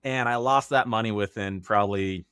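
A man's voice: lowish voice, normal speed, a bit bright, clean tone, no room sound, clean studio sound. A man in his thirties, an interview guest, telling his own story in a candid, earnest way and acting out remembered quotes.

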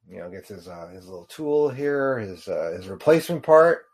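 A man with a fairly low voice talks casually through a short film as he watches it. He rambles and halts often, filling his pauses with ums and uhs. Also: a little mellow. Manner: rambling, halting with many fillers. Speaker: video reactor. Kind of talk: casual reaction commentary.

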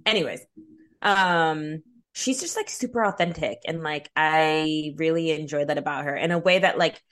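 A woman's voice: deep voice, normal speed, fairly bright tone. A young woman co-hosting a podcast in casual chat, candid and swearing, full of "like" fillers, with a slight lisp. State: slight lisp from a dental guard. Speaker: podcast co-host.

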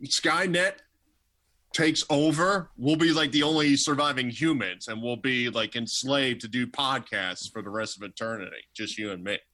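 A man's voice: medium pitch, fairly even intonation, normal speed, bright, forceful tone. A man co-hosting a podcast, chatting casually and riffing on silly made-up scenarios. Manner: joking, riffs on absurd scenarios. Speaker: podcast co-host. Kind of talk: casual chat.

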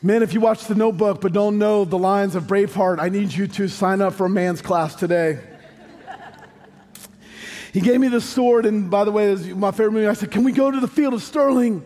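High-voiced American pastor preaching in a hall. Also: male voice, fairly quick, darkish tone. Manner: storytelling, joking asides, rising to sung emphasis. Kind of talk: sermon. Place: large church hall. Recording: long hall reverb, faint music.

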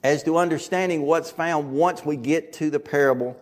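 A man's voice: a little high, normal speed. A man with a Southern US accent preaching a sermon to his congregation, earnest and emphatic, repeating his key phrases.

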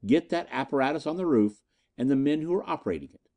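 Brief: authoritative big investigator, voiced by the narrator, mellow and curt. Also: male voice, a little high, lively intonation. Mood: commanding. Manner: brisk, authoritative orders. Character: big, commanding male scientist-detective.

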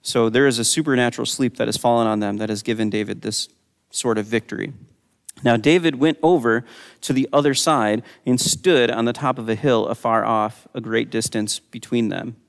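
A man's voice: medium pitch, fairly even intonation, moderate pace, creaky, long reverb tail. A man preaching a sermon, teaching in a conversational way and reading scripture aloud with a lifted voice.

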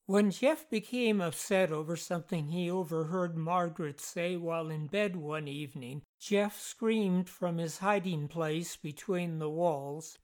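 A narrator reading a scripted true-mystery story in a measured storytelling manner. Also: medium pitch.

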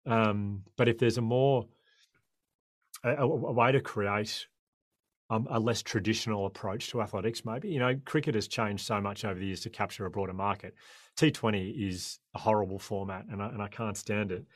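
A man's voice: lowish voice, steady tone, moderate pace, no room sound, studio quality. An Australian man in his forties, a podcast guest talking with passion and frequent restarts. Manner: impassioned, rambling with frequent restarts. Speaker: guest, former cricketer turned sprinter. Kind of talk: podcast conversation.

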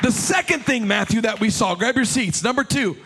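A passionate male pastor delivering a sermon in a high, bright voice. He preaches with fervor and leads his congregation in call-and-response. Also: fairly quick, breathy edge, a faint crowd.

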